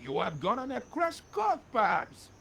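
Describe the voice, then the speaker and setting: Game casting: high, sing-song French street juggler, sneering at passers-by. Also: male voice, wildly swooping pitch, moderate pace, gravelly, a bit bright, slight background noise, exaggerated voice. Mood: mocking. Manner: mocking, condescending.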